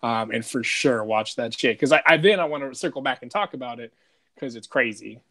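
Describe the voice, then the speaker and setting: A man of middle pitch co-hosting a loose podcast conversation. He rambles and swears freely, tossing in "dude" and "like" as he goes. His delivery is relaxed and unpolished. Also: fairly quick. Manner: rambling, profane, peppered with "dude" and "like". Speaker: podcast co-host. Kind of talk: casual podcast chat.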